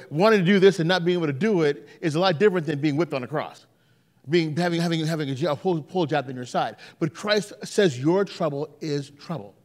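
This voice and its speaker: A man's voice: a little high, in a large hall. A male pastor preaching a sermon in a church, telling stories with many restarts and repeated words. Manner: animated storytelling with repeated restarts. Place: church sanctuary.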